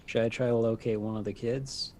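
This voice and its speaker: A man's voice: medium pitch, steady tone, fairly quick, warm tone. A man playing a tabletop game, eager and jokey in casual chat. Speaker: player.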